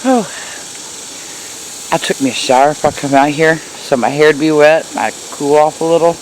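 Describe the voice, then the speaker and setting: A woman's voice: sits low, steady tone, moderate pace, a little hiss or hum, poor audio. A woman giving a casual, chatty tour of her backyard garden in the heat, hot and sweaty and laughing at herself. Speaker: gardening vlogger.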